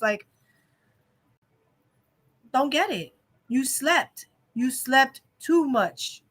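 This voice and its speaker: Young adult woman vlog host, high and bright, rambling and opinionated. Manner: opinionated, rambling rant with many fillers. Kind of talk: casual live-stream chat.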